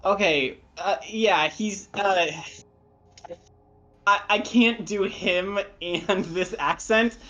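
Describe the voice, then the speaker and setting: Slow, rambling game master. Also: male voice, sits high, pushed and bright, soft background music. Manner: rambling, many fillers and restarts, laughing at himself. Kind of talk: narrating a tabletop game. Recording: dull lo-fi audio.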